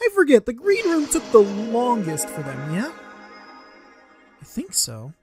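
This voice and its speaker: A woman's voice: fairly high pitch, huge pitch swings, unhurried, music in the background. A woman hosting a let's play, chatting wryly and teasing the characters. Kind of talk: casual commentary with character voicing.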